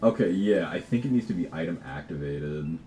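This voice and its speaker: A man's voice: deep voice, animated, brisk, mellow, a little hiss or hum. A man chatting casually on a livestream while he codes, swearing, laughing easily and often restarting his words. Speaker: game developer livestreaming.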